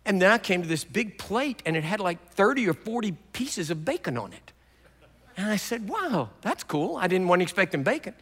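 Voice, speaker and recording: An older man preaching a sermon, telling stories with big swings from quiet talk to loud bursts. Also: high voice, big pitch swings, normal speed. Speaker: pastor. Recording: long hall reverb.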